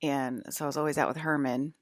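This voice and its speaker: Very low-voiced rambling woman. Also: steady tone, fast talker, no room sound, studio quality. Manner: meandering, many fillers and restarts. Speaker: vlogger. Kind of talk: casual rambling monologue.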